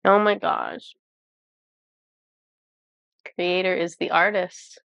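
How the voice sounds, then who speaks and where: Low gravelly woman channeling card messages. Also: steady tone, a bit bright, no echo. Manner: halting and awestruck, with frequent pauses and exclamations. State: has a cold. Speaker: channeler reading oracle cards. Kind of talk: intuitive card reading to viewers.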